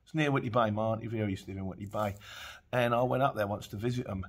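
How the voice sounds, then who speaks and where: A man's voice: lowish voice, fast talker, breathy edge. A man, chatting casually as a courier driver who vlogs. He rambles, goes off on tangents, reads out viewer comments and laughs easily. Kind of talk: casual chat. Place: dim room at home.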